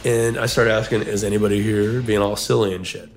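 A man's voice: fairly low pitch, little pitch movement, fairly quick, soft background music. A man co-hosting a casual podcast, telling a long story and often repeating words as he goes. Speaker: podcast co-host.

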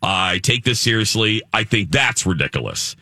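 Bright, lively male radio host. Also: fairly low pitch, moderate pace. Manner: animated, tells stories with voiced quotes. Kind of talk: casual studio chat.

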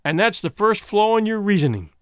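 A man voicing a scheming, smooth-talking man who speaks with deliberate, mock-polite slowness. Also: sits high, big pitch swings, no room sound, clean studio sound, voice pushed up. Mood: smug. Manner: deliberate, judicial, mock-apologetic.

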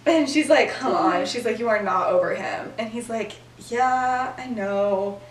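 A young woman hosting a podcast speaks at a fairly high pitch and a moderate pace with few pauses. She chattily recaps a story, acting out the characters' lines and laughing often. The roomy, distant mic picks up faint noise.

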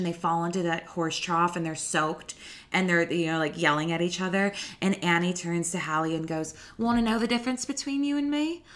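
A woman's voice: lowish voice, fairly bright tone. A woman hosting a podcast in casual, gossipy chat, full of "like" and asides. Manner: chatty, heavy use of "like", gossipy. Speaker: podcast host.

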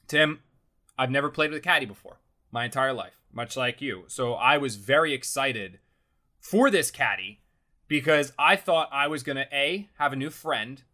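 A young adult man telling a self-deprecating story in an animated, rapid-fire way on a casual talk show. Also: mid-range voice. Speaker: sportswriter and podcast guest storyteller.

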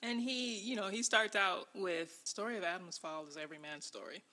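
A woman's voice: mid-range voice, normal speed, pushed and bright. A woman hosting a podcast in casual conversation, wry and dry in tone. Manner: wry, mocking quoted lines. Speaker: podcast host. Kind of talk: casual critical chat.

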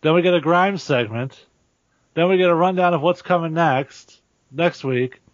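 A man's voice: fairly high pitch, normal speed, no echo. A man co-hosting a podcast who chats about wrestling, asks his partner questions and makes sarcastic asides. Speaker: podcast co-host. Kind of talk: casual wrestling recap chat. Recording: dry, dull lo-fi audio.

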